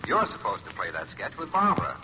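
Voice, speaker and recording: A man speaks briskly and matter-of-factly, his pitch lively. He sounds off in a reverberant space on a dull, hissy 1941 radio broadcast. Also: vocal fry. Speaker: show producer on the phone. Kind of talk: scripted radio comedy.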